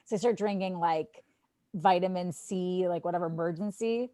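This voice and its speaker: Woman, animated storyteller, lots of "like", dry close podcast sound. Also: on the low side, moderate pace, no echo. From Wisconsin. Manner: animated, lots of "like", quotes herself. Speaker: podcast guest, sports TV host. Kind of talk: casual storytelling.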